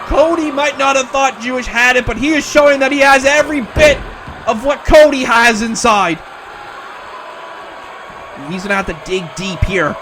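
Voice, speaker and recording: A man calling wrestling play-by-play, excitable and breaking into shouts at near-falls. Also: very high-pitched, moderate pace, a little hiss or hum. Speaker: wrestling commentator. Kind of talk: play-by-play commentary.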